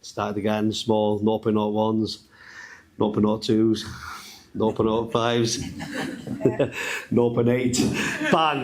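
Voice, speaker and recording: A man's voice: on the low side, fairly even intonation, takes it slowly. A young man from Wales, casually telling his trading story on stage. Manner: chatty, laughing, loose. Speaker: trader sharing his story on a panel.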